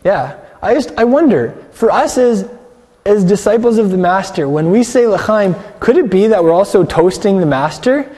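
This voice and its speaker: Man, earnest sermon teacher, fairly high voice, mellow tone, long hall reverb. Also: animated, normal speed. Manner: earnest, asks the room questions. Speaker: congregation teacher. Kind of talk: sermon to a congregation.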